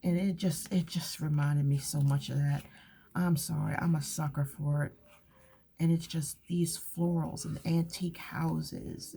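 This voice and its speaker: A woman's voice: low-pitched, level tone, measured pace, vocal fry, dark tone, slight background noise. A woman chatting casually while journaling, rambling and often dropping to a whisper. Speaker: craft channel host. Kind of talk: relaxed journaling chat.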